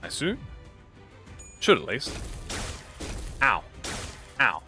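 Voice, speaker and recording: A man hosting a gaming channel, giving let's-play commentary while thinking out loud as he plays. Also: fairly low pitch, big pitch swings, extremely slow, over music.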